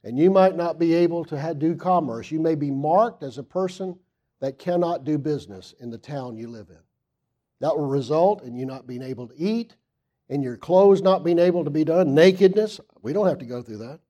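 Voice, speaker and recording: A man preaching a sermon, reading scripture aloud and asking the congregation questions, swinging from loud emphasis to hushed asides. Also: a little high, lively intonation, moderate pace, muffled recording.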